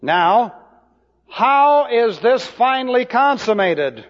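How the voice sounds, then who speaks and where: High-ish guy teaching a sermon, slow and careful, long echo like a big hall. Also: big pitch swings. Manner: slow, deliberate, spells out Hebrew words letter by letter. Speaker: Bible teacher. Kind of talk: expository sermon. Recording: dull lo-fi hall recording.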